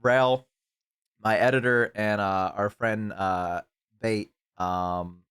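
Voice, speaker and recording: Speaking slowly and smoothly in a lowish voice, this young man chats casually with a guest and his stream audience live. His stories are animated, full of voices he imitates.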